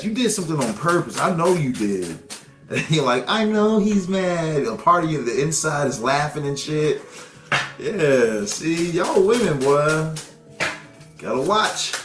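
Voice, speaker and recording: A man's voice: fairly high pitch, lively intonation, unhurried, reverberant, music in the background. A man reading tarot cards live, talking casually with laughter and swearing as he answers viewers' questions. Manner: laughing, profane, joking. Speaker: tarot reader on a live stream.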